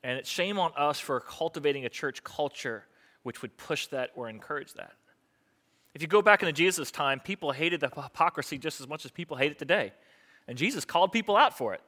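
A man preaching a sermon as a pastor, in a conversational style that swings from hushed asides to emphatic declarations. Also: a little high.

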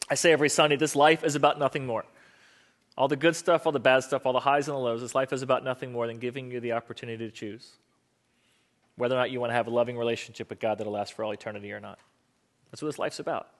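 Earnest, bright-voiced male pastor preaching. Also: mid-range voice, fairly even intonation, fast talker. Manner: conversational, earnest storytelling. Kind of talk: sermon.

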